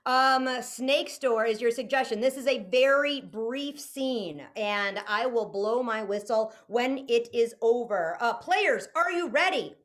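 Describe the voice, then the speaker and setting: A woman's voice: a little high, measured pace, hardly any pauses. A woman hosting and refereeing a live improv comedy match with playful announcements. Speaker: referee host.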